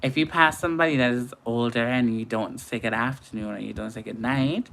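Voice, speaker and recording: A woman's voice: a bass voice, a little fast, vocal fry. Chatty Antiguan woman on late livestream. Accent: Caribbean, Antiguan. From Antigua and Barbuda. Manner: chatty, laughs often, greets viewers warmly. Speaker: makeup artist livestreamer. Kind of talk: casual late-night livestream chat.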